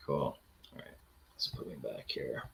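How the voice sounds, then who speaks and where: A man's voice: moderate pace, a bit bright. A man hosting a casual chat, showing off comic books and rambling with lots of fillers and restarts. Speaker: comic collector host.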